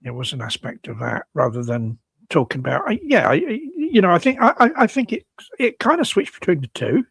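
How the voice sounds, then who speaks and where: A man in his seventies, a guest chatting casually on a video call, halting and repeating words, laughing easily. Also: fairly high pitch, sing-song, gravelly, fairly bright tone, slightly rough, no room sound. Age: 70s. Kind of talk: casual chat on a live video show.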